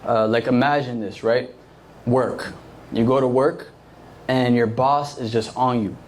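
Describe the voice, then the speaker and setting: A man's voice: mid-range voice, steady tone, a little slow, a little hiss or hum. A young man giving a casual, conversational sermon to a youth group, full of fillers and acted-out quotes. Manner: conversational, filler-heavy, acts out quoted voices. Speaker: youth preacher.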